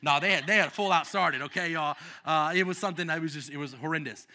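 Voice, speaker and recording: A man preaching a sermon and telling personal stories. He speaks with passion, swinging from shouts to hushed tones, with many restarts. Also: fairly high pitch, quick pace. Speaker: pastor.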